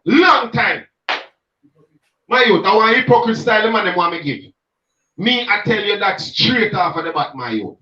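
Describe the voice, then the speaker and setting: A Jamaican street gospel minister with a fairly high voice reasons passionately in patois, driving his points home in an emphatic, expressive way with a sharp tone at a moderate pace. He sounds far from the mic in an echoey room, and the recording is muffled.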